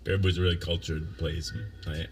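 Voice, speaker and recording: Low-voiced man rambling on a livestream. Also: level tone, a little fast, background noise. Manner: rambling, chuckling, thinking aloud. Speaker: livestream host reading viewer comments. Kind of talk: casual livestream chat.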